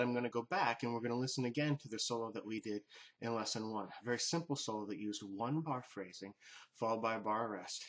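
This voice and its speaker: Guy teaching a jazz lesson, calm explainer voice, normal mid pitch. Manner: patient, explanatory. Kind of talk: instructional lesson narration.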